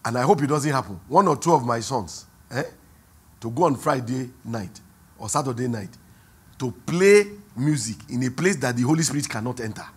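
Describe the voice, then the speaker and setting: A man with a Nigerian accent, preaching a sermon as pastor, who swings from quiet asides to loud, drawn-out emphasis. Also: medium pitch, expressive, slightly rough. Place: church hall.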